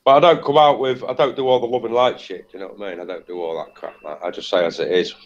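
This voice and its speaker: A man's voice: fairly low pitch, steady tone, fast. Blunt, sweary man. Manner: swearing, blunt anecdote-telling with quoted voices. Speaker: psychic guest. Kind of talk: casual chat, storytelling. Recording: dull lo-fi audio.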